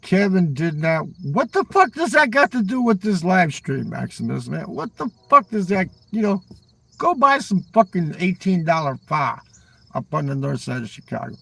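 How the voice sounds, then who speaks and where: A man's voice: high-pitched, sing-song, normal speed, vocal fry, sharp tone, husky, no room sound. An older man rambling on a live stream, swearing constantly, ending his lines with "man" and talking back to chat viewers. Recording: voice a little far from the mic.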